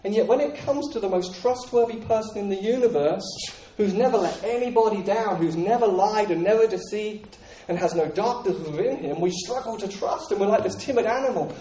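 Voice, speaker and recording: A man's voice: high voice, brisk, few pauses, dark tone, a little hiss or hum. A man preaching a sermon in an earnest, repetitive way with frequent restarts. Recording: echoey room, voice from a distance.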